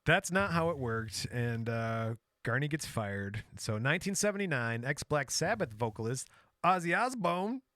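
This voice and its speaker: A man's voice: mid-range voice, lively intonation, moderate pace, pushed and bright, no room sound, studio quality. A man casually retelling a true crime story on a podcast, joking and laughing along with his co-host. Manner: retells the story acting out quotes, laughs often.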